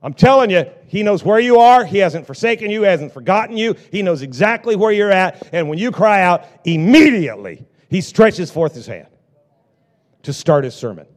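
A middle-aged male pastor preaching a sermon, swinging between loud bursts and hushed lines. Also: high voice, very animated, moderate pace.

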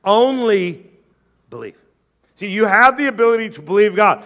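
A male pastor preaching a sermon with passion, calling on the congregation to answer back and acting out doubters' objections in a quieter voice. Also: sits high, animated, normal speed, pauses often.

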